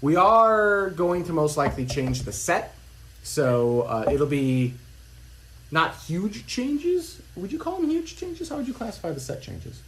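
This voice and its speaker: Jokey male host, lively pitch, faint noise in the background. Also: unhurried, low-quality recording. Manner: jokey, chimes in. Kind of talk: casual chat.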